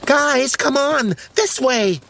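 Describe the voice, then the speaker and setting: A man voicing a sweet, upbeat female Smurf in an audio storybook, squealing high. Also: very animated, slow pace, a little hiss or hum, heavily acted. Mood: urgent. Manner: high bright squeals and shrieks.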